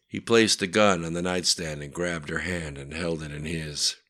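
A man reading a story aloud in a steady, plain narrating voice. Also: low-pitched, moderate pace. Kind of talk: audiobook narration.

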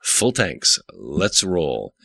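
A man's voice: a bass voice, wildly swooping pitch, extremely slow, vocal fry, bright, forceful tone, no room sound, heavily acted. A man reading an audiobook, voicing a brash young male getaway driver who talks in a whiny, pressured way. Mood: urgent. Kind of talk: audiobook character voice.

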